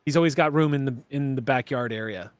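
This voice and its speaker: A man's voice: medium pitch, quick pace, no echo, lightly acted. A man doing a blunt, foul-mouthed woman commander. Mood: commanding. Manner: curt, profane orders. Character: tough, blunt woman commander of a walled town.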